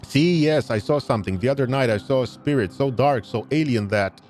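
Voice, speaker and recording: A jittery, strung-out male shaman stammers in halting, repeating bursts, read by a man in his ordinary voice. The pitch sits mid-range, with faint music behind. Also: darkish tone, close to an everyday voice. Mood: scared. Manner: halting, repetitive.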